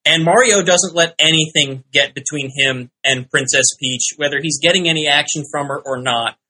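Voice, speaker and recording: A man's voice: fairly high pitch, normal speed, pushed and bright, husky, poor audio. A man on a podcast panel, reasoning hesitantly with many fillers. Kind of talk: casual podcast banter.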